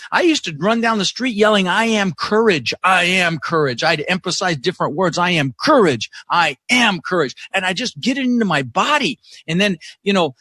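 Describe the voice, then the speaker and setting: A man guest in a casual interview, telling stories in an energetic, emphatic way from his home office. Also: high-pitched, no echo. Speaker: podcast guest, real estate investor. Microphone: no video, audio call.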